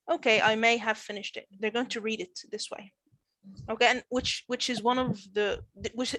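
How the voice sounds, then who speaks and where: A woman's voice: on the high side, fairly bright tone, no room sound, poor audio. A woman teacher running an online training session, explaining drilling and modelling example sentences with repeated phrases.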